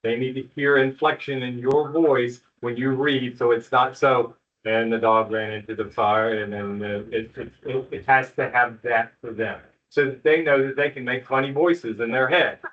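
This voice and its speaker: A middle-aged principal speaks steadily at a moderate pace, hardly pausing, his medium-pitched voice folksy, joking, and reassuring as he addresses parents at an evening school meeting. The recording of the school room and its audience is distant and muffled.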